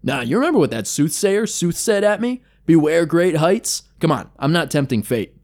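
A man's voice: a little high, sing-song, moderate pace, a little mellow, pitched above the performer's own voice. A man voicing a crude, booze-loving stout dwarf adventurer who talks bluntly and jokes. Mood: flippant.

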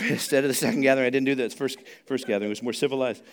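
A male pastor preaching a sermon in church, chatty and joking at times, then rising to loud, emphatic preaching. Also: mid-range voice, fairly even intonation, very fast, a faint crowd. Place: church sanctuary.

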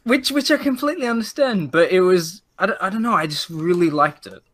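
A man's voice: sits high, animated, a little fast, fairly bright tone. A man chatting casually about video games, rambling with many restarts and fillers. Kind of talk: casual gaming chat.

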